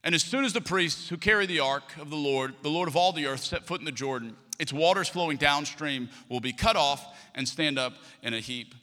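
Bright-voiced pastor preaching in a hall. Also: male voice, fairly high pitch, brisk, few pauses. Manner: storytelling, acts out quoted voices. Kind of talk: sermon. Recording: long hall reverb.

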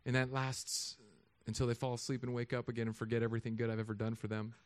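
A man in his thirties, a pastor, preaching a sermon with animated, humorous storytelling. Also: medium pitch, racing.

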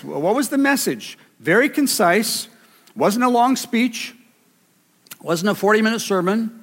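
A man's voice: a little high, fairly bright tone. A man preaching a sermon with emphasis, repeating key phrases for weight. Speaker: pastor. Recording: reverberant hall.

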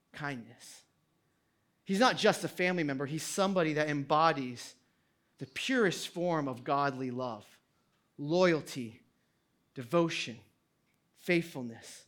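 A man preaching a sermon as a pastor, lively and emphatic. He swings between loud declarations and hushed asides and laughs often while he talks. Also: on the high side. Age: adult parent.

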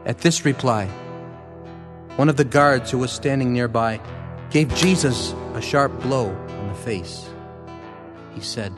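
A man reading a scripture passage aloud in an even, measured way. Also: medium pitch. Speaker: scripture narrator. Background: faint guitar music.

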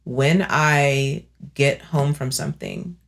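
A woman in her thirties co-hosting a casual chat podcast, animated and acting out her own thoughts in playful voices. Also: a bass voice, takes it slowly, gravelly. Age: 30s. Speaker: podcast co-host.

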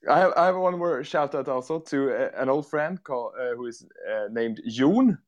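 A man co-hosting a podcast in casual chat, excitable, laughing often and tripping over his words. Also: medium pitch, moderate pace, lo-fi sound. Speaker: podcast co-host.

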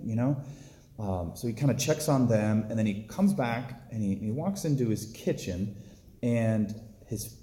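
A man's voice: mid-range voice, warm tone, echoey room. A man giving a casual, conversational sermon, telling a story with lots of filler words. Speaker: preacher.

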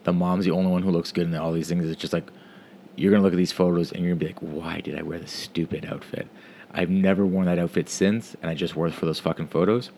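Low-pitched guy, loose profane delivery, restarts often, faint background hum. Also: level tone, fast talker, dark tone. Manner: casual, profane, rambling with restarts. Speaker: parent telling a story. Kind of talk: casual storytelling monologue.

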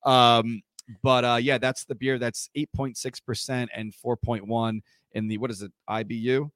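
A man's voice: mid-range voice, level tone, moderate pace, a bit bright, no room sound, clean studio sound. A man hosting a casual podcast, chatty and rambling, with fillers and self-corrections. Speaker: podcast host. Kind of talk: casual chat.

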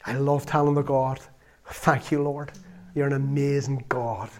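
A man giving an earnest, storytelling sermon that rises into loud exclamations. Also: medium pitch, flat delivery, measured pace. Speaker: lay preacher.

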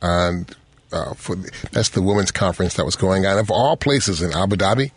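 A man's voice: deep voice, moderate pace, slightly rough. A man hosting a talk show, teasing his guests and then speaking earnestly. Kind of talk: casual talk show chat.

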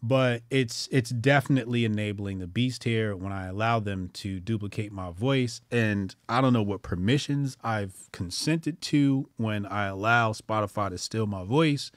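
A man hosting a casual live stream, talking loosely with lots of fillers and jumping high for comic emphasis. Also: normal speed, hardly any pauses, no echo, studio quality. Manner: animated, jumps pitch for comic emphasis; loose and profane, with many fillers. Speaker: streamer host.

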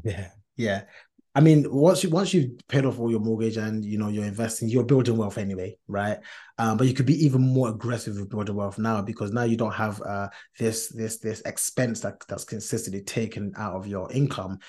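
A man's voice: fairly low pitch, brisk, warm tone. A man hosting a casual podcast chat, earnest and talkative, with many fillers and restarts, laughing easily. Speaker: podcast host.

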